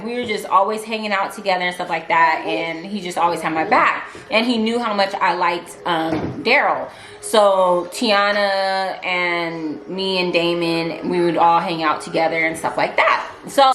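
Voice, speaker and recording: A woman's voice: mid-range voice, slight background noise. A young woman vlogger telling a personal story in a candid, chatty way, full of fillers and asides to her viewers. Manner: candid, chatty, animated retelling with many fillers. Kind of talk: storytime vlog. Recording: echoey room with faint music.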